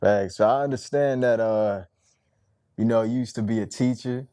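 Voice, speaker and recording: A man interviewing a guest, speaking in brief, quiet prompts. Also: medium pitch, moderate pace, no echo, clean studio sound. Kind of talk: casual interview.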